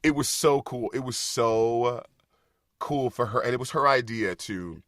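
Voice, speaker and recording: A middle-aged man, a stage actor, telling stories on a casual podcast, animated and quick to laugh and get loud when excited. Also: medium pitch, no echo, studio quality. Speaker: guest, Broadway actor.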